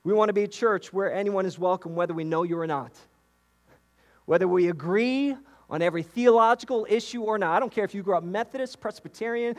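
Man from New York, lively preacher in a reverberant sanctuary, higher pitch. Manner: animated preaching with repetitions and asides to the congregation. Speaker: pastor. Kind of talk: sermon. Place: church sanctuary.

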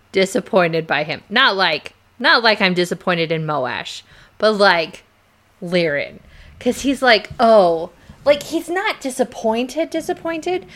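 A woman co-hosting a podcast, chatting casually about a book and retelling scenes with excited, acted-out quotes. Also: mid-range voice. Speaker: podcast co-host.

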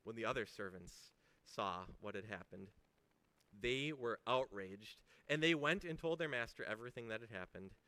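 A man's voice: fairly low pitch, lively intonation, moderate pace, sharp tone, no room sound. A man giving a sermon as a pastor, talking conversationally with emphasis and rhetorical questions.

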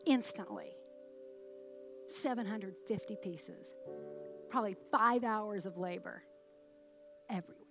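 A middle-aged woman preaching a sermon, telling a family story in a lively, conversational way with quick laughs. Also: mid-range voice, music in the background. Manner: animated, conversational storyteller who laughs while talking.

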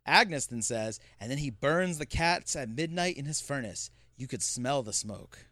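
A man co-hosting a podcast, recapping a film in casual chat, animated, acting out quotes and laughing often. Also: mid-range voice, unhurried, no echo, clean studio sound. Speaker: podcast co-host.

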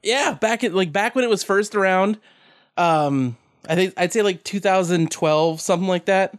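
A man's voice: high voice, normal speed, smooth, dry recording, clean studio sound. A man co-hosting a casual podcast, telling stories with a lot of swearing and frequent laughter. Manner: profane storyteller, laughing often. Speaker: podcast co-host. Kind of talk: casual chat.

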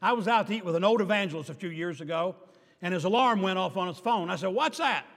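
An older man preaching a sermon as pastor, swinging between emphatic declarations and quiet asides with dry humor. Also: high voice, quick pace. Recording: reverberant hall.

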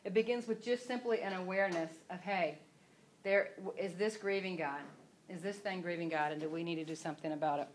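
A woman's voice: lowish voice, a little fast, slight background noise. A woman teaching from the Bible in a casual, rambling devotional style. She often breaks off and restarts her sentences. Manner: chatty, rambling, self-interrupting.

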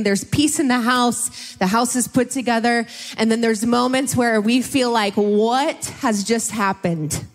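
Young woman speaker at a church service, tearful and giggly, voice a bit high, hall reverb around her. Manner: emotional, laughing, tearful. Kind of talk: Mother's Day church talk.

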